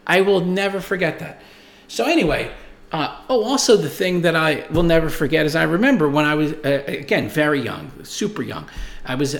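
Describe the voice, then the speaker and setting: A man's voice: fairly high pitch, reverberant. A man in his forties hosting a show, telling stories and reading viewer comments in a rambling, profane, emphatic way. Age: 40s. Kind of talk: casual monologue.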